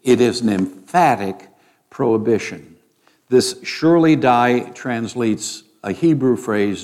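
A man's voice: mid-range voice, expressive, a little slow, a little mellow. An older man teaching an informal Bible class in a conversational way, with frequent ums and restarts.

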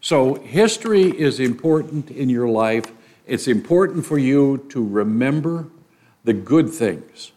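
A man's voice: medium pitch, expressive, unhurried, warm tone. An older man teaching a Bible lesson as a sermon, speaking conversationally with frequent fillers and restarts.

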